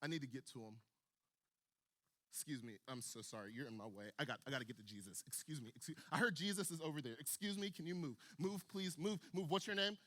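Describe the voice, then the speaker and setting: A man acting out a desperate woman shoving through a crowd, pleading and then shouting shrilly. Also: a little high, quick pace, voice pushed down. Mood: frantic pleading. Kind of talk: comic acted-out Bible scene in a sermon.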